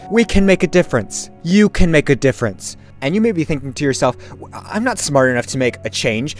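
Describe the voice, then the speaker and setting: A man hosting a comedy vlog, talking into a webcam in his bedroom with melodramatic, over-sincere delivery. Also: a little high. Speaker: comedy vlogger. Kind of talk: mock-earnest sketch monologue.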